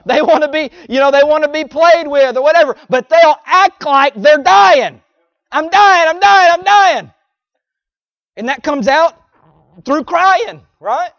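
A man's voice: very high-pitched, unhurried, a bit bright, no room sound. A man preaching a sermon in a folksy, emphatic style, with sarcastic asides to his congregation, on a dull lo-fi recording.

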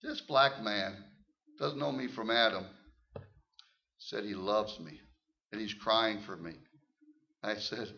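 An older man preaching his testimony in church, emphatic and folksy, repeating words and swinging from hushed tones to loud shouts. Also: on the low side, slow, long pauses. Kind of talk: sermon testimony. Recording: muffled lo-fi recording.

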